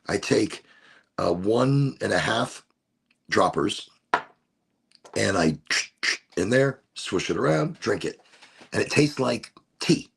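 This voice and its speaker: A man with a rough, gravelly and very husky voice hosts his podcast from a room at home. He talks in a loose, rambling way. His pitch swings widely from low to high, and he keeps cutting himself off and restarting sentences. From Florida. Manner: rambling, self-interrupting, laid-back. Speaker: podcast host. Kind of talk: casual solo chat. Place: home room with window cracked.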